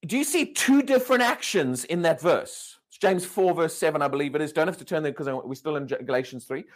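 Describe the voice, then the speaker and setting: A man's voice: on the high side, animated, quick pace. A man preaching a sermon, emphatic and questioning, repeating and restarting words as he drives his points home.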